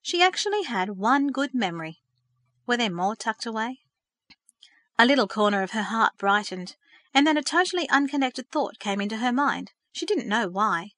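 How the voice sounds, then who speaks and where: A woman reading a story aloud in a measured, gentle storytelling manner. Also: on the high side, expressive, dry recording, studio quality. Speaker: narrator. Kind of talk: scripted storybook narration.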